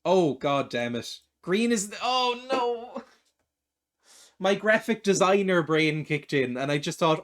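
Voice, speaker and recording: A man with an Irish accent, giving casual, rambling, self-deprecating commentary while streaming a video game. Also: on the high side. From Ireland. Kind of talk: casual let's-play commentary.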